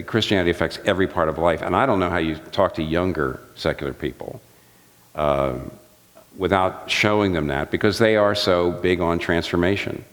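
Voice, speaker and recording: A man speaking earnestly on a theology panel, often restarting sentences and mimicking others for effect. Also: very deep voice. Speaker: pastor and theologian on a discussion panel. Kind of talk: panel discussion. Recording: long hall reverb.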